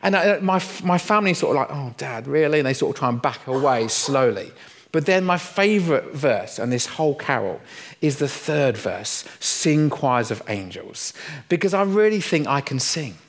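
A man's voice: fairly high pitch, big pitch swings, normal speed. Playful man preaching. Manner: playful, self-mocking storytelling. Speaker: pastor. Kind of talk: humorous sermon.

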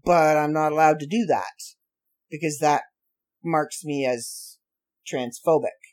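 A woman hosting her own podcast from home late at night, ranting in a sarcastic way with slow, drawn-out emphasis. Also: low-pitched, a little mellow. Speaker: podcast host. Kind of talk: ranty solo podcast monologue.

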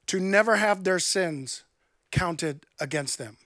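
A man in his thirties preaching a sermon, telling a personal story with animated delivery and acted-out dialogue. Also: high-pitched, slow pace, dry recording. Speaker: pastor.

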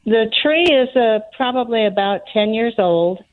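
A woman calling into a radio show, talking in a hesitant, halting way with fillers. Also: on the high side, expressive. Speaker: caller. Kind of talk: phone-in question. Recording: tinny dry phone line.

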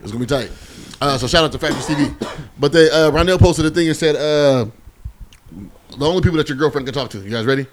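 Fast-talking joking male podcast host. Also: a little high, slight background noise. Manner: fast, loud, joking storyteller. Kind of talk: casual group banter.

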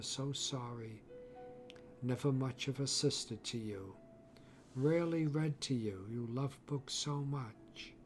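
Guy reading as a dying girl, soft and sorry, slow and hushed. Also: mid-range voice, close to an everyday voice. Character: dying young woman, remorseful and pleading.

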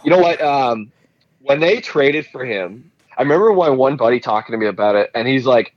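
Relaxed man joking about sports. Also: mid-range voice, fairly quick, dry recording, muffled recording. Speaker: podcast co-host. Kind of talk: casual sports chat.

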